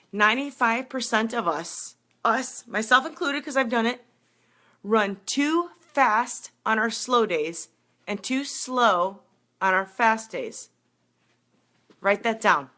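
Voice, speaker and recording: A middle-aged woman coach talking fast and excitedly on a live video, greeting viewers by name between tips. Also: fairly high pitch. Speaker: running and triathlon coach.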